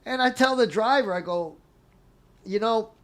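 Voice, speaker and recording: A man's voice: high voice, moderate pace. A middle-aged man telling a long personal story in casual talk, acting out what people said and laughing as he goes. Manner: animated, acts out quotes with laughs. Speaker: interview guest.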